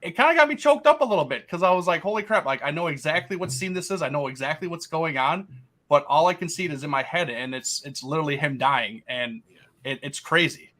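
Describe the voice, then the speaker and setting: A man's voice: fairly high pitch, lively intonation, fast, fairly bright tone. A man co-hosting a podcast, chatting enthusiastically about a film, full of "like" fillers. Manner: enthusiastic, lots of "like" and "holy crap". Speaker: podcast co-host. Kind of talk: casual film discussion.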